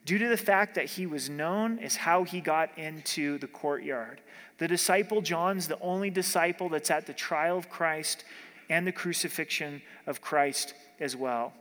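Male pastor, slightly high voice, preaching verse by verse in a reverberant church. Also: a bit bright. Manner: preaching, slows down to read scripture, rhetorical questions. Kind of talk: sermon. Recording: long hall reverb.

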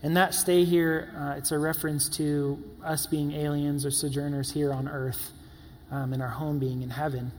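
A man in his twenties preaches in a loose, conversational way, full of filler words and playful asides. His voice sits a little high for a man. It rings out with a long echo, as if in a church hall. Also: flat delivery, moderate pace, slight background noise. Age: 20s. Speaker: pastor. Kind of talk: sermon.

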